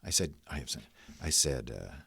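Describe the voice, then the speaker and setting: Deep-voiced man telling a story, dry sound. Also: animated, normal speed, creaky, bright, forceful tone, slightly rough, no echo. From New York. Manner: rambling, self-mocking, peppered with "like". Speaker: guest storyteller. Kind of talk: casual spoken storytelling.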